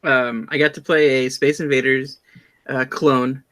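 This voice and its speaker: Podcast co-host, male, casual and halting, bright tense timbre, headset mic. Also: medium pitch, flat delivery. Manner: hesitant, lots of ums. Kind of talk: casual chat. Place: home computer setup.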